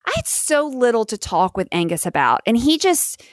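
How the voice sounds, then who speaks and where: An American woman co-hosting a podcast, chatting casually, quick to laugh and joke at herself. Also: fairly high pitch, very animated, no echo, clean studio sound. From United States. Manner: chatty, self-deprecating, laughs often. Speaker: podcast co-host. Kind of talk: casual chat.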